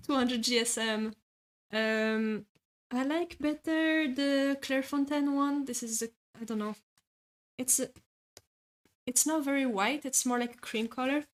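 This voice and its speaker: Drawing on stream, a French-accented woman chats casually, reading viewer comments aloud and replying to them. Her voice sits high and she takes her time, leaving long pauses, sounding hesitant, filling gaps with filler sounds and laughing a lot.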